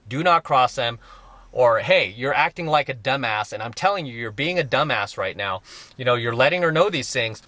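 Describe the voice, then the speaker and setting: A man's voice: mid-range voice, bright, forceful tone. A middle-aged man giving a blunt, emphatic monologue as a dating coach, repeating his points for stress. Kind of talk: opinionated monologue to viewers.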